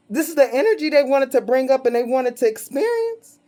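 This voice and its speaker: Her voice is high with big pitch swings, a dark tone, and a slightly quick pace. Doing a laid-back tarot reading, she mocks her subjects with profane bluntness and breaks into laughter between phrases.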